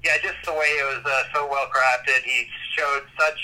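Man, co-host, very sharp bright voice, measured, tinny call audio. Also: medium pitch, flat delivery. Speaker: podcast co-host. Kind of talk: casual movie-review chat.

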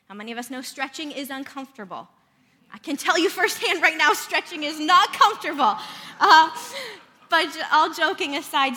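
A woman preacher gives an earnest sermon in a church sanctuary, telling a family story and moving into prayer. Her voice is on the high side, pushed and bright, surrounded by the long reverb of the church hall.

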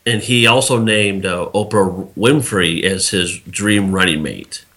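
A man's voice: deep voice, slow, pushed and bright. A man co-hosting a podcast, giving loose political commentary with frequent fillers and restarts. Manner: rambling, many fillers and restarts. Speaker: podcast co-host.

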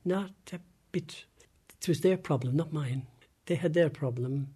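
An elderly Irish man with a husky, breathy voice that sits a touch high for his age. His tone is soft and mellow, and he talks in a halting, plain way, often trailing off mid-thought. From Ireland. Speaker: interviewee, former industrial school resident. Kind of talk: recorded interview recollection.

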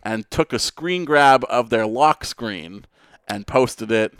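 A young man co-hosting a wrestling podcast, reading tweets out as a guessing game in a deadpan, teasing way. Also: medium pitch, slow pace, smooth, no echo, studio quality. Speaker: podcast co-host. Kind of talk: casual chat, quiz-style tweet reading.

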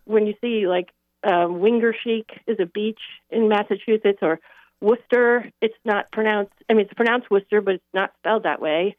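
A woman's voice: fairly high pitch, no echo. Caller, woman, from the Midwest, muses through ideas with lots of ums, tinny dry phone sound. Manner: thoughtful, rambling with many fillers. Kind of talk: call-in radio chat. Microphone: telephone.

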